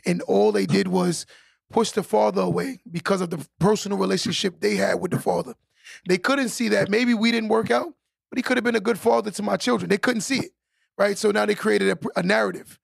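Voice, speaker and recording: A man's voice: high voice, fairly even intonation, fairly quick, gravelly, no room sound, studio quality. A middle-aged man, a podcast guest and former athlete, making earnest points and often checking in with "right?". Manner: earnest, keeps asking "right?" as he makes a point. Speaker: guest, former pro basketball player. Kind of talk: casual podcast interview.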